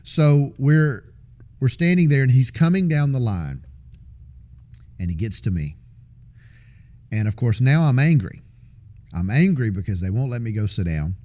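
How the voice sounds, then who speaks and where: An earnest man recounts his conversion story in a plain, conversational voice of middle pitch. He circles back over his words, restarts sentences and drops in small laughs as he tells it. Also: a little mellow. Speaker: testimony speaker. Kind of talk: personal testimony storytelling.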